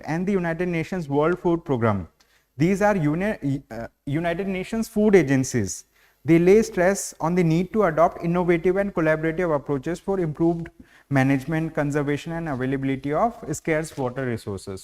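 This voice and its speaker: A man's voice: on the high side, darkish tone. A man with an Indian English accent teaching current affairs in an online exam-prep lecture, explaining step by step and leaning on "like, you know". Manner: explanatory, heavy use of fillers like "you know".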